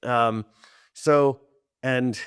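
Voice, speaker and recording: A middle-aged man recalls work stories as a podcast guest. His voice sits at an ordinary pitch, and he talks with bursts of animation, frequent laughter and plenty of false starts. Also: very slow, clean tone, no room sound, clean studio sound. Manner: animated, laughs often, many restarts and fillers. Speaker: TV director and writer, guest. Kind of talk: casual interview storytelling.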